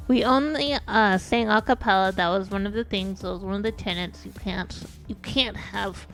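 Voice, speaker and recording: A woman's voice: medium pitch, normal speed, few pauses, a bit bright. A woman streamer chatting casually while gaming, rambling and self-deprecating, often restarting her sentences. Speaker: VTuber streamer. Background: faint background music.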